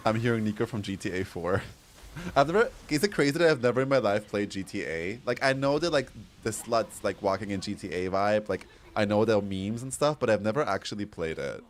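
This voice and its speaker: A man's voice: on the low side, a little hiss or hum. A man from Bosnia, streaming a game and chatting casually with a joking, giggly, self-mocking manner. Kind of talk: casual gaming stream chat.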